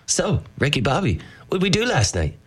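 A man's voice: on the high side, huge pitch swings, a little fast, a bit bright, breathy edge. A man hosting a morning radio show, chatting in a loose, rambling way and laughing often. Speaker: radio host. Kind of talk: casual radio chat. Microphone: studio mic.

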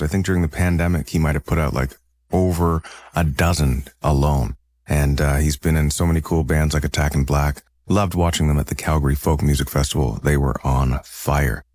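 A man's voice: very deep voice, darkish tone. A man hosting a radio music show, introducing songs in a casual, chatty way with self-deprecating asides. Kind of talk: radio DJ patter between songs.

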